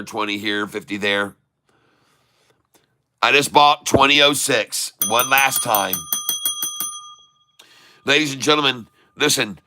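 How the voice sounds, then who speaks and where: A man streaming his live day-trading, excitable, calling out prices over and over and taunting short sellers. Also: medium pitch, smooth. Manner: addresses viewers as folks, taunts short sellers.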